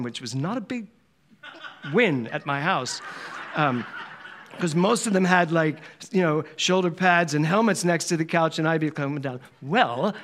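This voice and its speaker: A man's voice: fairly high pitch, fairly bright tone, a little hiss or hum. A man from Philadelphia giving a Sunday sermon in a chatty, storytelling way, often laughing. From Philadelphia, USA. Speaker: minister giving a Sunday talk. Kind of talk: conversational sermon. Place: church service hall.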